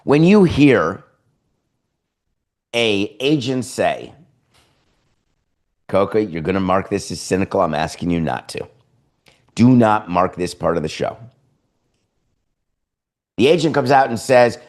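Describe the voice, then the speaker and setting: Sarcastic, low-voiced male sports talk host. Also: a little slow, long pauses. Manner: sarcastic, opinionated, animated. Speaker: podcast host.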